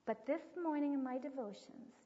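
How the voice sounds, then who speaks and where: A woman's voice: sits high, moderate pace, slight background noise. A woman earnestly telling a story as part of a sermon, with vivid retelling and acted quotes. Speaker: speaker teaching on child discipline. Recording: dull recording with long hall reverb.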